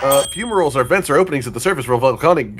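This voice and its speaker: Man, gameplay co-host, mid pitch, dry deadpan reasoning, faint background noise. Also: rapid-fire. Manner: dry, reasoning, hesitant restarts. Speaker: gaming channel co-host. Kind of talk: casual gameplay banter.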